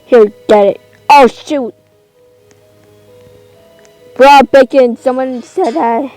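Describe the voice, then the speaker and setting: A woman's voice: high-pitched, slow pace, darkish tone, dry recording, faint music behind, low-quality recording. A woman giving casual gameplay commentary, indignant and exclaiming, rambling between outbursts. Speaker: gamer.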